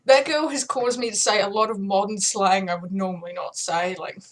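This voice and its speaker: A woman's voice: mid-range voice, fairly even intonation, moderate pace. A woman talking casually to camera in a chatty, self-deprecating way, laughing between thoughts. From not American. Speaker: gamer showing off voices.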